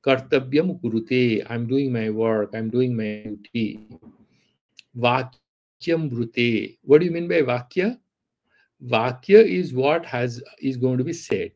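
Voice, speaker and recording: A man's voice: medium pitch, expressive, measured pace, mellow. A man teaching Vedanta, reciting Sanskrit verses and arguing with an imagined student through rhetorical questions. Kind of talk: philosophy lecture with Sanskrit recitation.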